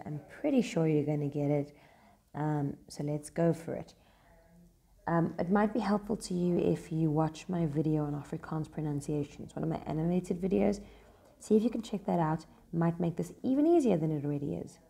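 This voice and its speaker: A woman giving a casual, encouraging vocabulary lesson, repeating words slowly to model pronunciation, recorded in a school. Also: low-pitched, creaky, dark tone. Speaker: language teacher.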